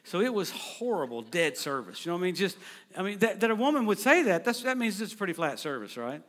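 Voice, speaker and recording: Middle-aged preacher, high-pitched, animated anecdotal delivery with quick asides, church stage mic. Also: male voice. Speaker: guest preacher. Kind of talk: storytelling sermon. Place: church sanctuary.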